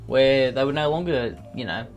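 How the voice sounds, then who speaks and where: A man riffs through a comedy video in a sarcastic, self-mocking tone. His voice sits at an ordinary middle pitch, and light music plays quietly underneath. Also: moderate pace, highs cut off. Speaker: YouTuber host. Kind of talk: comedic vlog commentary.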